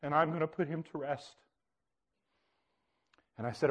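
A man preaching, telling a personal story in an earnest way that swings from hushed to loud. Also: on the high side, moderate pace, long pauses, muffled recording. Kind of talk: personal testimony sermon.

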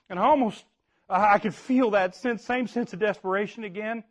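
A middle-aged man preaching, telling a story in an animated way with sudden shouts and frequent restarts. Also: high voice, normal speed. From Indiana. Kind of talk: sermon storytelling.

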